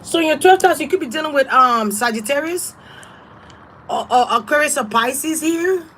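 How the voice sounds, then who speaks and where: Woman tarot reader, casual and blunt, swears freely, slightly high voice. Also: expressive, normal speed, fairly bright tone, a little hiss or hum, low-quality recording. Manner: blunt, profane, emphatic. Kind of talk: casual spiritual advice.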